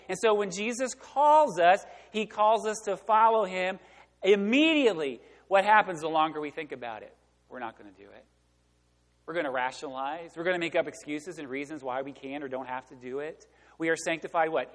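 A man preaching a sermon as pastor, emphatic, often pausing for the congregation to fill in the words. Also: sits high, fairly bright tone. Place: church sanctuary. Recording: long church reverb.

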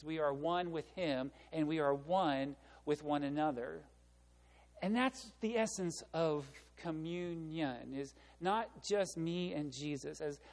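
Preaching man in an echoing church hall. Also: fairly high pitch. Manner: animated preaching with rhetorical questions. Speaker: pastor. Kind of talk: sermon. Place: church sanctuary. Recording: long reverb of a church hall.

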